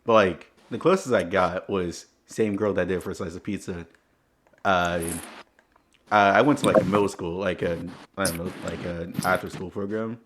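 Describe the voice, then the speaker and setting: A man's voice: sits low, fairly even intonation, normal speed, a bit bright, a little hiss or hum. A young man hosting a podcast, telling stories in a rambling, casual way full of fillers. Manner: rambling, filler-heavy storytelling. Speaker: podcast host. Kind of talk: casual chat.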